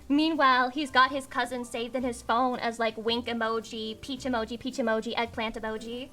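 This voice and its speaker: A woman's voice: on the high side, little pitch movement, a little fast, hardly any pauses, pushed and bright. A young adult woman streaming live, bantering with chat in a brash, swearing way. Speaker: VTuber streamer.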